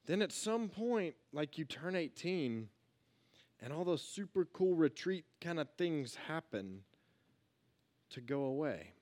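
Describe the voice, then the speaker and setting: A man giving a casual youth sermon, energetic and full of rhetorical questions, swinging between loud and hushed. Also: fairly high pitch, slow pace. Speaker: youth pastor.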